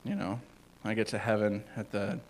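A man giving an informal sermon as a youth pastor, rambling with many fillers and swinging between loud and hushed. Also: lowish voice, little pitch movement, normal speed, slight background noise, poor audio.

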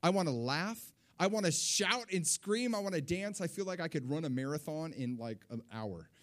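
A man preaching a sermon, telling a personal story with animated, excitable delivery that rises high when he relives moments of joy. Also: moderate pace.

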